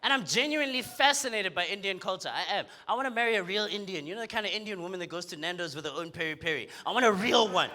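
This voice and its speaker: A man's voice: high voice, fast, few pauses. A young man from South Africa with a South African accent, doing a punchy, teasing stand-up comedy set on a comedy club stage. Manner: punchy, animated, teasing the crowd.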